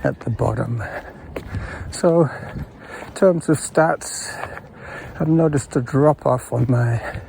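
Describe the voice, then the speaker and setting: A man's voice: mid-range voice, slow, a little mellow. A man vlogging in a casual, rambling monologue as he walks a golf course trail, recorded on a chest-mounted camera and greeting people he passes. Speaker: podcaster vlogging his morning walk. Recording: outdoor noise clearly behind him.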